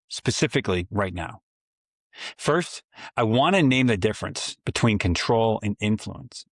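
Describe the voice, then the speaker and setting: A man's voice: fairly low pitch, no echo, studio quality. A man in his forties hosting a solo parenting podcast, earnest and reflective, with self-mocking asides. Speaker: podcast host for fathers.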